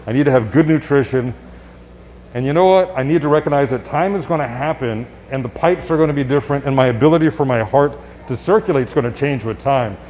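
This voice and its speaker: A man's voice: medium pitch, a little mellow. Male doctor, live talk, chatty and upbeat with rhetorical questions, mid-range voice, faint room noise behind. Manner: conversational and upbeat, with rhetorical questions and quick asides. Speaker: physician giving a health talk. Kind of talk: live presentation to an audience. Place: public event space.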